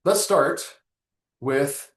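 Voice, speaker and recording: A man hosting a live online marketing lesson, joking and talking straight to his audience in an animated way. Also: a little high, extremely slow, roomy sound. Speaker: webinar host.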